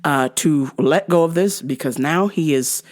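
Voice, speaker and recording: A woman's voice: sits low, measured pace, a little mellow. A woman podcast host telling a comic story, profane and exasperated.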